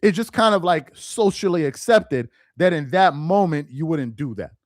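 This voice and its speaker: Male live-stream commentator, high voice, dry close sound, slangy and repetitive delivery. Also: lively intonation, moderate pace, no echo. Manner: loose, slangy, repeats himself for emphasis.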